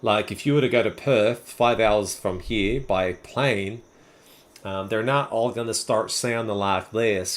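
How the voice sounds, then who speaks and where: A man's voice: lowish voice, unhurried. A man in his twenties or thirties with a Sydney Australian accent, casually chatting with viewers on a live stream and answering their messages. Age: 20s or 30s. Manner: relaxed, chatty, answers chat messages one by one. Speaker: livestream host.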